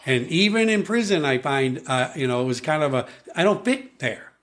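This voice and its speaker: A man's voice: fairly high pitch, moderate pace. A man, a podcast guest, telling a long personal story in conversation, acting out other people's lines with frequent restarts. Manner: animated storyteller, acts out quoted voices, frequent restarts.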